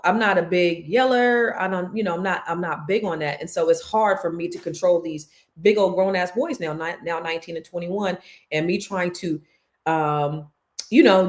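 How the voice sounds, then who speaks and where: Middle-aged woman, podcast host, lower-pitched voice, chatty storytelling delivery. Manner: animated, chatty, with lots of restarts. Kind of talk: casual storytelling chat.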